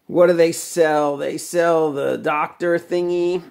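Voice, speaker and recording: A man's voice: on the high side, fairly even intonation, slow, creaky, a little mellow. Rambling man talking guitar repair. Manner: rambling, with many fillers and laughs. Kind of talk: casual workshop vlog.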